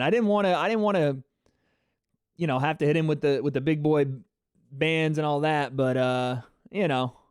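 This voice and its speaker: A man hosting a live fight reaction stream, excitable and chatty, talking to his chat viewers. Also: fairly high pitch, smooth, dry recording, clean studio sound. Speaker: livestream host.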